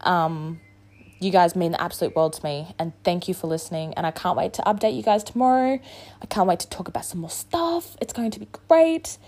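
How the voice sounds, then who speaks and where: A woman with a lowish, darkish voice talks fairly quickly as host of her solo podcast. While hungover, she gives a casual, frank, motivational monologue and swears freely.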